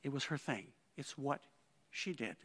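A man's voice: medium pitch, lively intonation, normal speed, fairly bright tone, slightly rough. A male conductor giving a heartfelt eulogy, telling stories and often quoting others. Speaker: conductor at a memorial. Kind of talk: eulogy speech. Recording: long reverb of a large hall.

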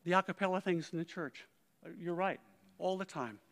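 In a large hall with long reverb, a conductor speaks warmly at a memorial, weaving stories with frequent quotations. He has a high, fairly bright voice and a fairly quick delivery.

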